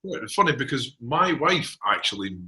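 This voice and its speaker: A Scottish man hosts a relaxed interview over a video call. His voice is strikingly bright and sharp at a middling pitch, and he keeps the talk friendly and jokey. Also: moderate pace. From Scotland. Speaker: podcast host.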